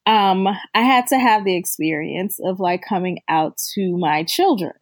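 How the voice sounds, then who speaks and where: A woman co-hosting a conversation, telling a family story in a lively way and acting out the lines of the people in it. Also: medium pitch, dry recording. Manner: slow, animated storyteller who acts out quotes. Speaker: co-host, mother. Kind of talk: casual storytelling.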